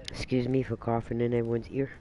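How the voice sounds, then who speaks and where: A man's voice: mid-range voice, a bit bright, low-quality recording. A man hosting a livestream, chatting casually and teasing with frequent laughter. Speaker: livestream host.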